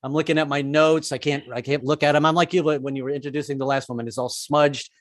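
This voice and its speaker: Male stand-up, slightly high voice, meandering delivery on a video call. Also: fairly even intonation, fast, no echo, studio quality. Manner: rambling, self-deprecating, slips into character voices. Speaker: stand-up comedian.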